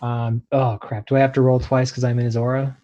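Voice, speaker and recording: Laughing player on a muffled mic. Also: male voice, mid-range voice, level tone, a little fast, dark tone. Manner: laughing, loose describer. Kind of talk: tabletop game play.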